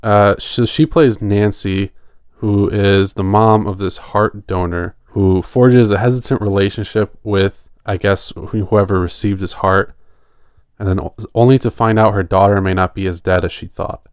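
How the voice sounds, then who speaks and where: Low-voiced man, smooth and dry. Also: normal speed, no room sound. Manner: relaxed, rambling, laughs often. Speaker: podcast co-host. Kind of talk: casual horror podcast chat.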